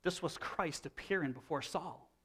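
A man in his thirties preaching a sermon. He teaches in a loose, conversational way and often restarts his phrases. His voice sits on the higher side for a man. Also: normal speed, fairly bright tone, breathy edge. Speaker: pastor.

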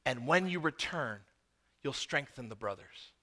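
A calm, solemn Jesus speaks in a hushed, low voice, as a male preacher acts him out. The words come slowly and gently.

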